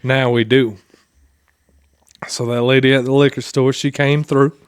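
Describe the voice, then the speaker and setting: A man's voice: medium pitch, flat delivery, unhurried, clean tone, dry recording. A man co-hosting a podcast, chatting casually and telling rambling stories, swearing freely. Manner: loose, profanity-heavy, rambling. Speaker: podcast co-host. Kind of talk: casual chat and storytelling.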